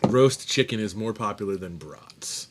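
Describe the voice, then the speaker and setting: A man co-hosting a casual beer podcast, reading out trivia questions in a joking, animated way. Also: lowish voice, moderate pace, background noise. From United States. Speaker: podcast co-host running trivia.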